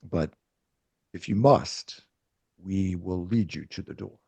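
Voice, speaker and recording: A man's voice: gravelly, warm tone, husky, no echo, full character voice. A man doing the solemn Rat King. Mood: grave. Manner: low, slow, solemn. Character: grave, cautious male Rat King.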